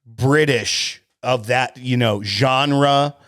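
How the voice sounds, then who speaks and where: A man's voice: medium pitch, very slow, fairly bright tone, no room sound. A man co-hosting a casual whiskey podcast, opinionated and joking, with many restarts, on a close studio mic. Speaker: podcast co-host.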